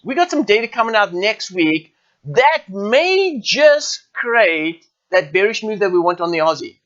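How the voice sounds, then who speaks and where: A man's voice: sits high, very animated, unhurried, fairly bright tone, lo-fi sound. A South African man walking viewers through a live trading chart session, talking informally and often checking in with them. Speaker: forex trading educator. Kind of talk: live trading webinar walkthrough.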